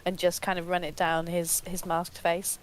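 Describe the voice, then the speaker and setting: Lowish-voiced woman at a game table. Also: little pitch movement, moderate pace, a little hiss or hum. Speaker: player. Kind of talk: casual tabletop play.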